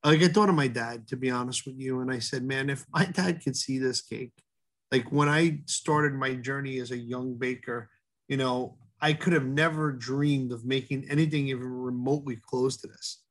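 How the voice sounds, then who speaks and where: A middle-aged man, a head baker, talking earnestly in an interview, halting often with fillers and restarts. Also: medium pitch, fairly even intonation. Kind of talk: casual interview talk.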